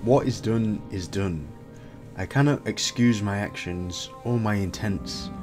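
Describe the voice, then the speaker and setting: A man reading the lines of a sad male cave creature who was once a wizard, in slow, halting speech. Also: on the low side, over music, lightly acted. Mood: mournful.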